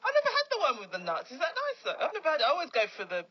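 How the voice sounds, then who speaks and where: A woman's voice: high voice, wildly swooping pitch, very fast. A woman co-hosting a podcast in casual chat, easygoing and laughing along. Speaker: podcast co-host. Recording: dull lo-fi podcast recording.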